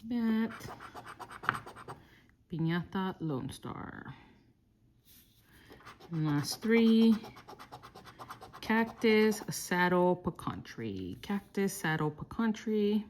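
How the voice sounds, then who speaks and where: A woman from Texas calmly murmuring through lottery scratch-off tickets, slowly listing each symbol as she checks. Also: mid-range voice, slight background noise. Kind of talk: calm scratch-off play-by-play.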